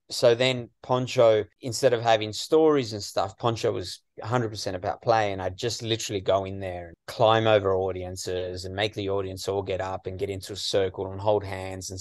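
An Australian man from western Sydney, a comedian guest in a casual interview, chatty and full of "you know"s and lively asides. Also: lowish voice, dry recording, studio quality.

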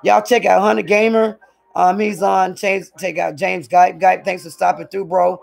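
A woman's voice: on the low side, steady tone, moderate pace, gravelly, darkish tone. A woman chatting casually to her viewers from home on a hot day. She rambles from one thing to the next and keeps calling the audience y'all. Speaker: vlogger.

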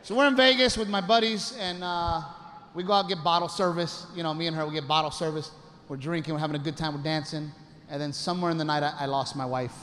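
High-voiced man doing animated stand-up. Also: quick pace. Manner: animated storytelling, acts out voices, shouts punchlines. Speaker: stand-up comedian. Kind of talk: stand-up comedy routine. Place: comedy stage before a live audience. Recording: live show with loud audience noise. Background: audience laughter.

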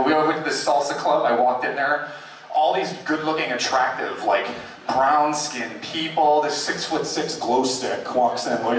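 A man doing a stand-up comedy set in a club, rambling with lots of fillers and shrill put-on voices for the people he quotes. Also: measured pace, a bit bright, distant mic, a little hiss or hum. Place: comedy club stage with audience. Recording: very echoey club audio from afar. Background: audience laughter and room ambience.

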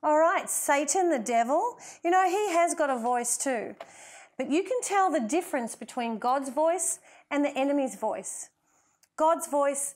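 A woman with a high, bright-pitched voice leads a children's Bible lesson in a kitchen. She is playful and encouraging, coaxing the kids along as she teaches. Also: lively intonation, takes it slowly. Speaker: children's minister.

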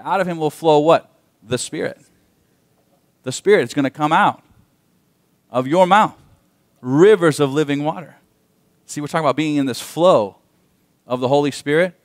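Animated preaching man, dry close sound. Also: fairly high pitch, no echo. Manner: animated preaching, asks the congregation questions. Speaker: pastor. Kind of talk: sermon. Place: church sanctuary.

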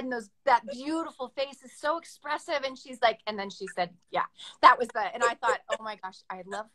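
A woman's voice: high-pitched, sharp tone. A middle-aged actress chatting on a livestream, effusive and gushing, laughing easily as she recalls working with her costar. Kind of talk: casual chat on a livestream.

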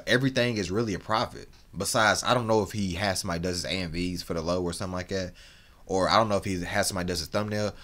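Reaction host, male, low register with a wide, animated pitch swing, frank, rambling, slangy delivery. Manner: rambling and slang-heavy, many restarts and filler tags; frank and opinionated. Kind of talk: casual reaction commentary.

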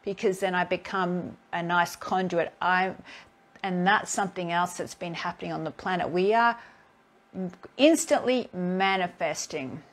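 A woman's voice: lowish voice, measured pace. A woman healing therapist talking casually in a live stream, telling her own stories with energy and acting out both sides of each exchange. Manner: animated storyteller who acts out both sides of encounters. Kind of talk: casual spiritual talk.

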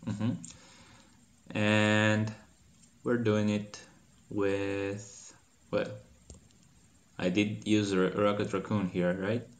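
A man hosting a gaming channel, giving casual gameplay commentary, profane and swearing freely, with animated outbursts of mock anger. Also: lowish voice, extremely slow, pauses often, roomy sound.

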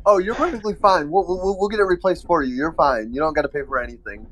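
A man's voice: fairly high pitch, fast, a bit bright, rough recording. A man on voice chat during a gaming stream, telling a rambling anecdote in casual chat and acting out the back-and-forth of a conversation.

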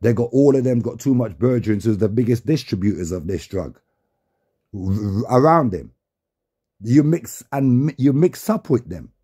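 Brief: man vlogging, heated preachy rant, deep mellow husky tone. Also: animated, moderate pace. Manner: heated, repetitive, profane, preaching. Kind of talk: angry rant to camera.

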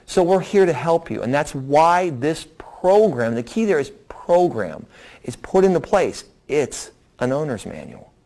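A middle-aged man, a doctor, explains a program to a seminar audience and answers their questions in a lively, folksy way, acting out quotes. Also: fairly high pitch. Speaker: doctor presenting a weight loss program.

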